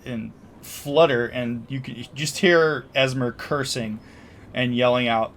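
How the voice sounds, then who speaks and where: A man's voice: medium pitch, a little slow, a bit bright. Hesitant male game master. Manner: hesitant, filler-heavy narration. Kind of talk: narrating a tabletop game.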